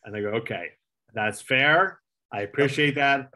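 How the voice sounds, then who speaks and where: This middle-aged man, once a late-night segment producer, has a medium-pitched, bright, forceful voice at a moderate pace. In a relaxed interview he rambles through a long anecdote, swearing, using lots of fillers, and acting out what people said.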